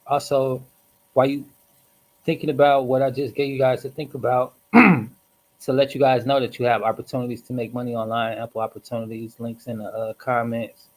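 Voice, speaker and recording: A man hosting a casual livestream, reflective and rambling, hoarse from smoking and clearing his throat often. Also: mid-range voice, flat delivery, fairly quick, rough recording. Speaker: host.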